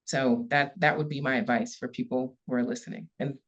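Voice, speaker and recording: This woman has a bass voice with a steady tone and talks a little fast. She's a police chief telling a story in a podcast interview, earnest and emphatic, repeating key words for weight and getting emotional, on slightly dull lo-fi audio.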